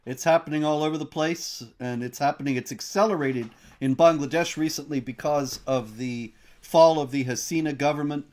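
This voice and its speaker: A man hosting a news commentary discussion, laying out stories in a measured, reporting style with fillers. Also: fairly high pitch, a little mellow. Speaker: host.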